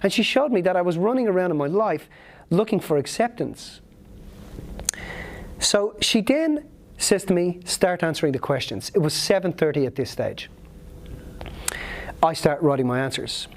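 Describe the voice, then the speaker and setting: A man's voice: sits high, sing-song, normal speed, long pauses, a little hiss or hum. A man speaking at a seminar, telling a personal story in an earnest, emotional, vivid way.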